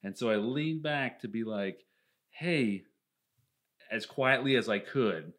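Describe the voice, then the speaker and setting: A man hosting a podcast in casual banter, telling a story with energy and acting out the shouts. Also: fairly low pitch, moderate pace. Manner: animated, acts out yelling in stories.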